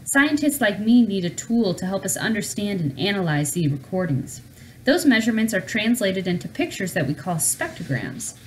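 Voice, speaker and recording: A woman reading aloud as a woman scientist with a warm, high voice, explaining her work. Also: big pitch swings, normal speed, recorded from a distance, a little hiss or hum, lightly acted, rough recording.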